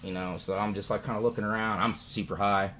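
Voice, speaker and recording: A man's voice: lowish voice, fast talker. A man vlogging from home, telling rambling stories full of swearing and constant "dude"s. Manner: animated, swears constantly, says "dude" often. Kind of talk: profane casual storytelling.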